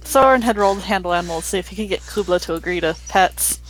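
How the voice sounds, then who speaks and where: A woman taking part in a tabletop game, playful and quick to laugh. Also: on the low side, a little hiss or hum, low-quality recording. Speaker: player. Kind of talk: casual tabletop play.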